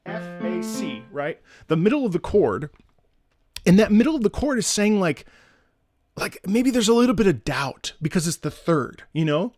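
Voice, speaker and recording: A man's voice: sits high, sing-song, normal speed, darkish tone, dry recording. A man hosting his channel, casually explaining music and humming melodies on "da" syllables, with enthusiasm and frequent restarts. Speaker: channel host.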